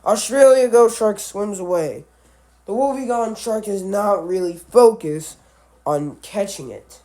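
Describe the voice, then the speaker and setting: A man giving casual commentary on animal matchups, halting and often correcting himself, with offhand musing asides. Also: sits high, dark tone. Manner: halting, with frequent restarts and self-corrections. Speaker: animal video creator.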